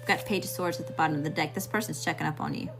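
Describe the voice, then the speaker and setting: A woman's voice: sits low, racing, vocal fry. Southern US woman, tarot reader, blunt, slangy, faint music in the background. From Mississippi, US. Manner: blunt, slangy, talks straight to viewers. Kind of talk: live tarot reading.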